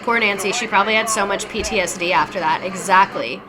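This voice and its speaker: A woman's voice: medium pitch, quick pace, a crowd in the background. A young woman casually telling a true-crime story to her viewers, chatty and slangy, reading out facts and reacting to chat.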